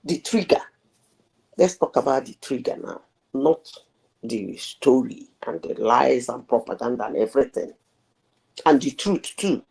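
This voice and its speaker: A middle-aged woman hosts a live talk show. Her voice is low, dark and gravelly, with a husky edge. She speaks slowly and pushes her point with rhetorical questions. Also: poor audio. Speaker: host.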